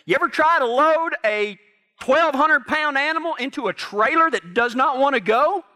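High, bright-voiced storytelling preacher. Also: male voice, animated, moderate pace. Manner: folksy storytelling, jokes with the congregation. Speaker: pastor. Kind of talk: sermon.

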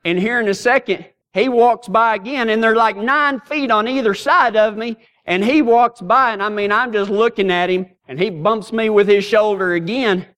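This middle-aged pastor's voice sits high, and he preaches at normal speed with few pauses, animatedly weaving folksy, humorous stories into his sermon.

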